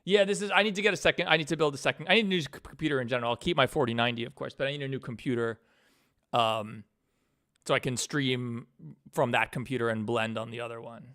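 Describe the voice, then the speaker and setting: An animator streams his work live from his home computer setup, chatting casually, rambling and correcting himself as he goes. His medium-pitched voice is fast, steady, and sharp in tone.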